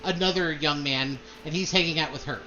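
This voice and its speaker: A man's voice: a little high, a little fast, pushed and bright, highs cut off, a little hiss or hum. A man narrating a tabletop game as game master, describing scenes with many fillers.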